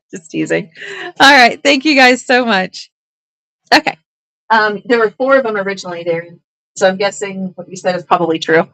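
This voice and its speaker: A woman hosts a live online sale, chatting through each item in a relaxed, friendly patter. She throws in little teasing jokes as she goes. Her voice sits in a middle range and sounds dry and close, with no room echo. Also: mid-range voice, normal speed. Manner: chatty and upbeat, with playful teasing asides. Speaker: live online auction seller.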